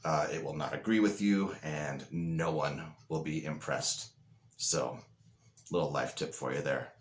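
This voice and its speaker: A man's voice: very deep voice, a little slow, a little hiss or hum. Crude, joking man in an echoey room. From Moorhead, Minnesota, US. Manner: crude, joking, self-deprecating. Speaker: podcast host. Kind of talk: casual chat and storytelling.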